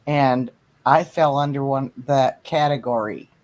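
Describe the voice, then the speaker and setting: A middle-aged woman hosting a casual chat, telling stories in a lively, animated way. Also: rumbling low, measured pace. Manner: chatty storyteller, animated retelling.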